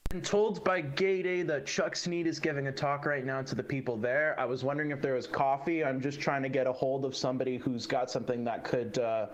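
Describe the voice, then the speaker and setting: A man's voice: mid-range voice, steady tone, fairly quick, hardly any pauses. A man coordinating a convoy over a radio-style channel, orderly, using call signs and "over".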